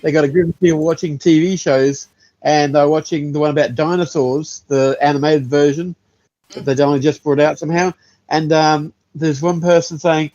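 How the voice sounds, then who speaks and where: Man, slightly high voice, halting speech, muffled lo-fi sound. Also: fairly even intonation, dark tone. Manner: halting, repeats words. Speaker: co-host. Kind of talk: casual chat.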